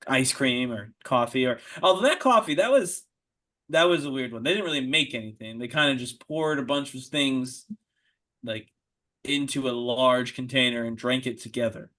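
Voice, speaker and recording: A man's voice: mid-range voice, moderate pace, pushed and bright. An American man hosting a podcast in casual chat. He is easygoing, laughs often and restarts his sentences. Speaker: podcast host.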